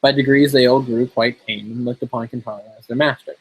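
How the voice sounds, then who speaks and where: A man reads an old fairy tale aloud in a relaxed, steady manner. His voice is breathy and a little husky, at an ordinary middle pitch. It sounds like casual storytelling, not a polished performance. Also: fast, low-quality recording.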